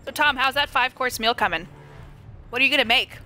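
A woman's voice: high voice, fast talker, bright, forceful tone, a little hiss or hum. A young woman live-streaming a horror game, chatting with viewers and shrieking at scares. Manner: screams and laughs at jump scares, chats with viewers.

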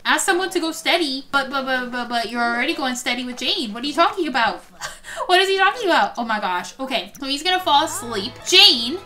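A woman hosting let's-play commentary, excitable, gasping often and talking straight to her viewers. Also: sits high. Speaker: gameplay host.

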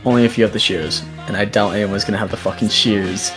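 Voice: sits low, fairly even intonation, quick pace, a bit bright, faint music behind. A friend chatting casually and joking while playing a video game. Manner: joking, teasing. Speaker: gaming friend. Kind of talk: casual gameplay chat.

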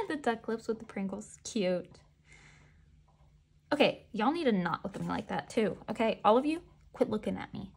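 A woman vlogger giving excitable, gushing commentary as she unboxes merchandise and talks back to the photos. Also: medium pitch, normal speed, gravelly, breathy edge.

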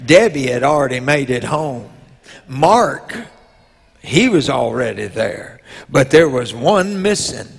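Bishop, slow unhurried storytelling sermon, husky tone, echoing sanctuary. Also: male voice, medium pitch, animated. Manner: slow storytelling with drawn-out pauses; rises to loud emotional peaks. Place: church sanctuary. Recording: long reverb in a church hall.

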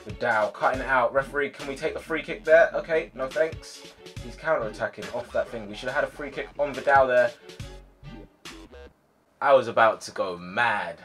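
A young man giving live commentary on his own football video game match, excitable, yelling at his players and sighing in frustration. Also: mid-range voice, moderate pace, faint music behind. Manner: excitable, shouts at players, swings to frustrated sighs. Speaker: gaming YouTuber.

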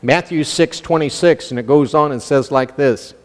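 A man's voice: fairly high pitch, moderate pace. A man preaching a sermon as pastor, emphatic and calling out to his congregation. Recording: long hall reverb.

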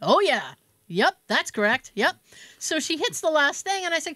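Animated high-voiced American woman storyteller. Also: normal speed, dry recording. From United States. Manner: animated storyteller, acts out both sides of a phone call. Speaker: podcast co-host. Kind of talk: casual storytelling chat.

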